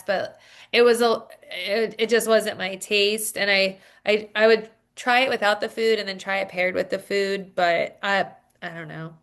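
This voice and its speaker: A woman co-hosting a casual podcast, rambling through a story in relaxed chat. She leans on fillers and asides as she talks. Her pitch sits in the middle. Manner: chatty storytelling with many fillers. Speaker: podcast co-host.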